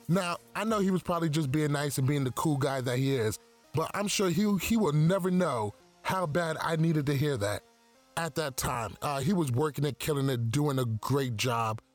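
A man co-hosts a casual podcast, loose and profane, often laughing at his own jokes. His voice sits a little high for a man. Faint music runs behind him. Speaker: podcast co-host.

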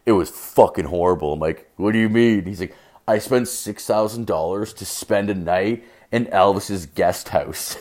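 A man's voice: sits low, unhurried, darkish tone. Profane, rowdy young man telling stories. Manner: profane, rowdy, acts out both sides of dialogue. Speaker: podcast host. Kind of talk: casual storytelling monologue.

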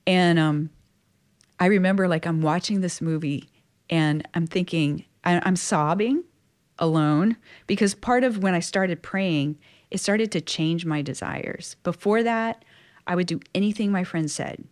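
Chatty woman from Louisiana, lower-pitched. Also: a little slow. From Louisiana, USA. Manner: chatty, expressive, frequent "like" fillers. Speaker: guest, Catholic religious sister. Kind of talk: personal storytelling in conversation.

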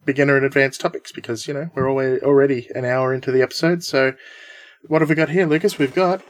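A man's voice: mid-range voice, fairly even intonation, quick pace. A man hosting a podcast in casual chat, upbeat and chatty, laughing often. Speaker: podcast host.

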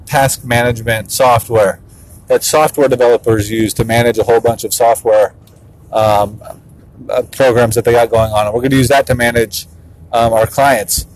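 A man's voice: mid-range voice, steady tone, moderate pace, poor audio. A man in his thirties, a father and business owner, talking casually, laughing often and playfully mimicking his kids. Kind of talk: casual vlog monologue.

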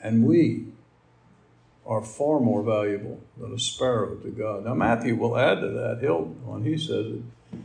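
Middle-aged guy preaching casual, gravelly voice, rambly folksy asides. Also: medium pitch, lively intonation, a little slow. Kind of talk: conversational sermon.

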